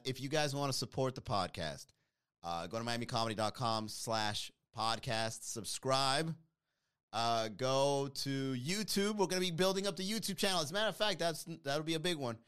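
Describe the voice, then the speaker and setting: This live stream podcast host has a smooth, mid-range voice and a moderate pace. He chats easily with viewers and mocks the comments he reads, lively and joking, with playful put-on voices.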